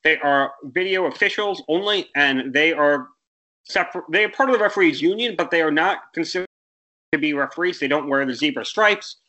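A man's voice: a little high, brisk, pushed and bright. A young American man co-hosting a casual sports podcast, rambling and correcting himself, with exasperated rants. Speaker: podcast co-host.

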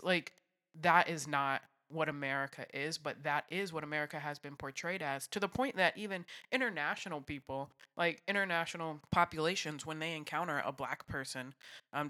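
A man's voice: a little high, bright, forceful tone. A man co-hosting a podcast in casual chat, talkative, often laughing and filling with "like".

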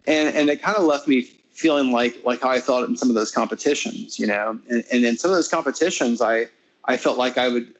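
Casting: middle-aged American man, musician guest, chatty and meandering, lots of false starts, mid pitch. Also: fairly quick, muffled recording. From United States. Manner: rambling, many restarts and fillers, animated when retelling. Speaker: classical guitarist and interview guest. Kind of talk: casual conversational interview.

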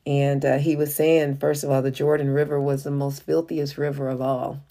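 A woman with a low, warm voice teaches a Bible study. She reads passages aloud, then talks them through casually, often pausing on "uh" and "you know.". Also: little pitch movement. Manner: reads scripture aloud then explains it in a conversational way; frequent "uh" and "you know" fillers.

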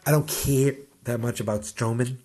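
A man's voice: mid-range voice, fairly even intonation, normal speed, warm tone. A man hosting a casual podcast, rambling sarcastically with lots of fillers and self-corrections. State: hiccups. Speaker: podcast host. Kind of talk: casual wrestling preview chat.

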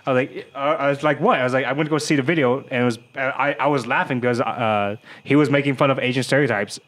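A man's voice: medium pitch, fairly even intonation, quick pace, a bit bright. A young man co-hosting a podcast, telling stories in casual chat, laughing and swearing as he goes. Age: young adult. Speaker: podcast co-host.

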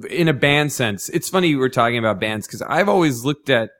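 A man's voice: mid-range voice, animated, fairly quick, a bit bright. Rambling man telling a story. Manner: rambling storyteller, heavy "like" fillers, acts out quotes. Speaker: guest, improv performer. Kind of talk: casual podcast chat.

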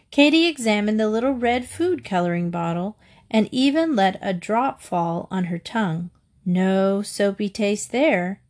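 A woman narrating a children's storybook in a gentle, measured reading voice. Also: medium pitch.

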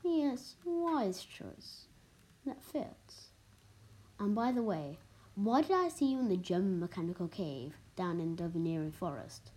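A woman's voice: lowish voice, animated, a little slow, dark tone. A woman reading as a scheming base commander. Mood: persuasive.

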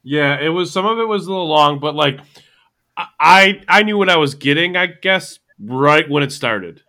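A man's voice: fairly high pitch, expressive, moderate pace, pushed and bright. A man hosting a casual podcast chat, rambling and thinking aloud as he talks. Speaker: podcast host.

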